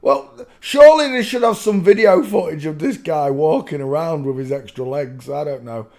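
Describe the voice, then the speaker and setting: A man's voice: a little high, expressive, moderate pace, darkish tone. A man hosting his channel, rambling through casual commentary in a swearing, easily giggling manner. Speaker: channel host.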